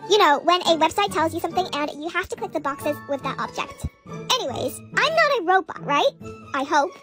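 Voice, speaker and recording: Very high-pitched storytime narrator, woman. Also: expressive, a little fast, over music. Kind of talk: storytime narration over gameplay.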